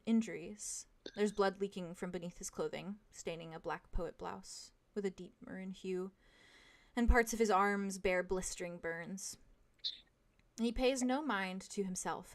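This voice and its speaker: A young woman narrating a tabletop game as game master in the second person, in a hushed, dramatic way. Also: medium pitch.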